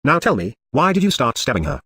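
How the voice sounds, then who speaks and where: A man reading a stern judge, husky and fast. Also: mid-range voice, wildly swooping pitch, pushed and bright, no echo, clean studio sound, exaggerated voice. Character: stern male presiding judge.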